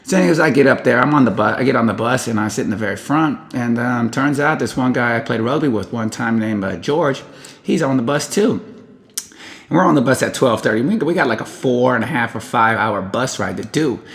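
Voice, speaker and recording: A man rambling through a personal story in a casual, unscripted way. He loses the thread and picks it back up. He leaps into high, lively voices whenever he quotes someone. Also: fairly quick, creaky. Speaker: vlogger telling a personal story.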